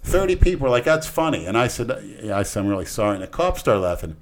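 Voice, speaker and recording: A man's voice: mid-range voice, big pitch swings, fast. A middle-aged man from Florida telling long rambling stories on a casual podcast, acting out the voices of cops in his tales. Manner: rambling, acts out cops' voices loudly. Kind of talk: casual storytelling chat.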